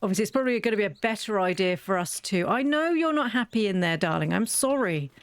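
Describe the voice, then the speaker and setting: A woman's voice: mid-range voice, expressive, quick pace, smooth, no room sound. A woman chatting through a game, wry and self-mocking, talking fondly to her in-game animals. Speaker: gaming video creator. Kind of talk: casual let's-play commentary.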